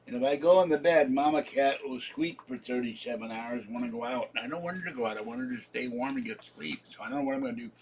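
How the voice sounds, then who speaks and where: A man's voice: medium pitch, fast, few pauses, a little hiss or hum. A man in his seventies, drowsy and rambling as he chats casually to viewers on his live stream. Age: 70s. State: sleepy. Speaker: channel host.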